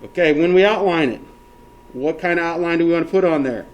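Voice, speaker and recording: Teaching software in a classroom, a man goes step by step, regularly making sure students are following and numbering the options out loud. He speaks fast in a slightly high voice, and the sound is lo-fi.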